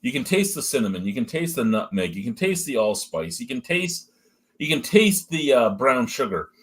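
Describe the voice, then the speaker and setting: A man's voice: medium pitch, big pitch swings, normal speed, fairly bright tone, husky. A man hosting a casual beer review, talking through smells and flavors with frequent swearing and jokes. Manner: profane, joking, chatty running commentary.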